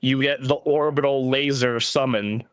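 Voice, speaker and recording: Smooth-voiced enthusiastic male podcaster. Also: medium pitch, fairly even intonation, normal speed, dry recording. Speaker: podcast co-host. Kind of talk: casual gaming chat.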